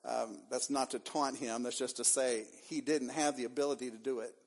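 A man's voice: mid-range voice, steady tone, a little fast, a little mellow. A man preaching a sermon as pastor, acting out the figures' lines with dramatic swings. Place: church sanctuary.

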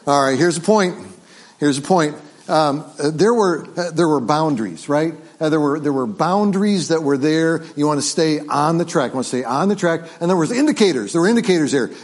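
A pastor in a church sanctuary leads a family Sunday service, coaching children and parents through call-and-response. His voice sits fairly high for a man, and his delivery is lively and interactive. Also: normal speed. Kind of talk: family sermon.

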